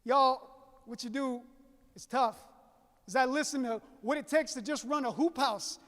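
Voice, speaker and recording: Keynote speaker: young adult man, folksy and warm to the crowd; very high pitch, live hall reverb. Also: moderate pace. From Southeast Louisiana. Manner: folksy, addresses audience as y'all. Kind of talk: storytelling keynote speech.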